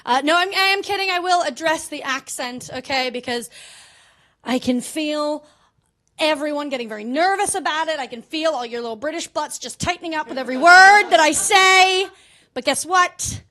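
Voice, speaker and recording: Casting: young Canadian woman comic, high bright voice, chatty and self-deprecating, live club set. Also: moderate pace. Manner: chatty, self-mocking, keeps checking in with "right?". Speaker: stand-up comedian. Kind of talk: stand-up comedy set. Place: comedy club stage before a live audience.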